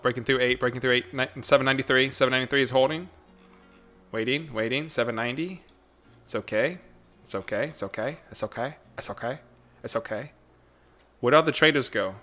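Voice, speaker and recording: A man at a mid pitch, streaming his stock trades live and talking half to himself, half to chat. He mutters in a loose running commentary, repeating short phrases over and over, then breaks into quick excited outbursts. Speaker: live day-trading streamer.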